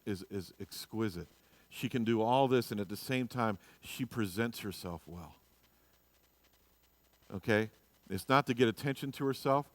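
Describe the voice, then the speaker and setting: A man teaching a casual Bible class in church, chatty and joking, dropping to quiet asides and rising to loud bursts. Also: on the low side, no echo.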